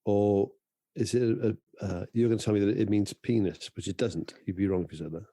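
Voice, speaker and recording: Low, mellow man teasing. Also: steady tone, fairly quick, dry recording. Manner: dry, teasing. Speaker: podcast co-host. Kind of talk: casual chat. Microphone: video call.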